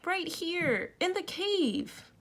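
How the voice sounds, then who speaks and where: Storybook: woman reading a frightened little girl, high, wailing pleas. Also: lively intonation, extremely slow, fairly bright tone, heavily acted. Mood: pleading.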